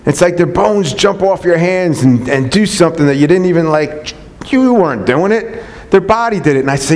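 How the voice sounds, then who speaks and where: A man's voice: fairly high pitch, expressive, moderate pace, a little mellow. A man, a chiropractor, giving an unscripted and enthusiastic talk to colleagues, repeating his points with earnest conviction. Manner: earnest, repetitive, enthusiastic preaching tone with restarts. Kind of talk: unscripted talk to a live audience. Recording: long hall reverb.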